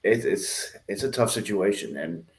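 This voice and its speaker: A man co-hosting a podcast, speaking haltingly and thoughtfully, trailing off at times. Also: lowish voice, animated. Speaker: podcast co-host. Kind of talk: casual podcast chat.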